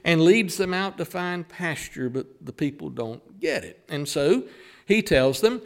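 A man preaching a sermon, who slows down and leans hard on the words he wants to stress. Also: fairly high pitch, expressive, creaky.

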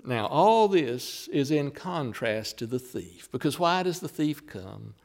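Slow, lively high-voiced male preacher. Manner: emphatic, slows down to stress key words. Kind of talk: sermon.

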